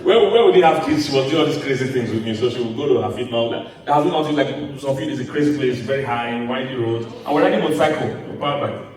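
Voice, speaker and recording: A man's voice: medium pitch, fast talker, hardly any pauses, a little mellow. Teasing man pastor in an echoey hall. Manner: teasing, good-humored. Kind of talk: playful banter from the stage. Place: church auditorium. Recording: echoey church hall, distant mic.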